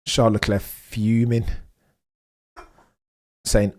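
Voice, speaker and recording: A young man hosting a live race watchalong, chatting excitedly to his viewers and reacting with slang. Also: fairly low pitch, slow. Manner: excitable, chatty, British slang, talks to chat. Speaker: livestream host.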